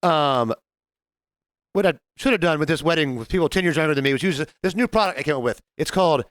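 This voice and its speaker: A man's voice: fairly high pitch, quick pace, fairly bright tone, dry recording, clean studio sound. A man co-hosting a podcast, joking with crude one-liners in casual banter. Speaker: podcast co-host.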